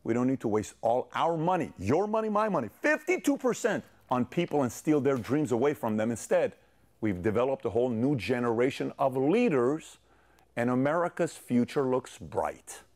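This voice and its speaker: A man giving a speech who tells a story with animated emphasis, rising for punchlines and dropping to hushed tones. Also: medium pitch, moderate pace. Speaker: public speaker.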